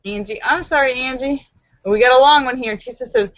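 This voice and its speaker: A woman hosts a live stream and reads viewers' jokes aloud with theatrical flair, slipping into voices, shrieking at punchlines, adding chatty asides and laughing often. Her high voice is fairly quick and a bit bright. The dull, lo-fi computer mic gives a dry sound with no room tone.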